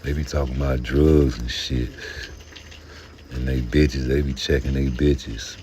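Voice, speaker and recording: Brief: low, mellow-voiced man, loose profane rant, faint hiss behind. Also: a little slow. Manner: profane, rambling, slips into mocking put-on voices. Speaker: boxing commentator. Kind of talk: casual rant to camera.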